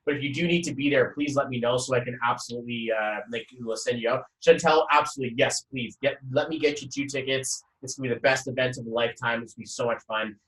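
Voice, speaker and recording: A young man hosting a casual motivational live talk, energetic and rambling, often repeating words as he speaks at home. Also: medium pitch, fast, hardly any pauses. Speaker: host. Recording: roomy echo, voice from a distance.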